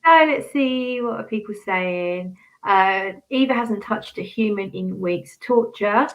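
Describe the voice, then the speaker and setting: On a livestream, a woman hosting a fragrance review channel chats casually about scents, giggling often and reading viewer comments aloud. Her mid-range voice moves at an unhurried pace, and the audio quality is poor.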